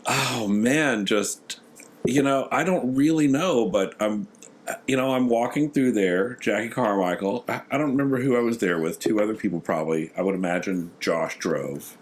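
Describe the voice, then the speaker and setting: A man's voice: lowish voice, moderate pace. A man from Texas with a Texan accent, co-hosting a podcast and telling stories in a sassy, profane, casual way. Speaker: podcast co-host. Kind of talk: casual chat.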